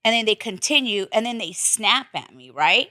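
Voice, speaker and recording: A woman's voice: fairly high pitch, normal speed, no echo, studio quality. A woman podcast host in casual chat, telling stories bluntly with plenty of swearing. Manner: blunt, profane, animated storytelling.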